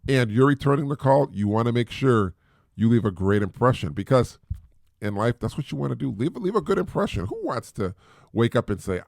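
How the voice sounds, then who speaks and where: A man's voice: mid-range voice, very animated, brisk, vocal fry, darkish tone, dry recording, studio quality. A middle-aged man hosting a podcast, giving casual advice in a chatty way, often repeating words and mimicking voices. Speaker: podcast host.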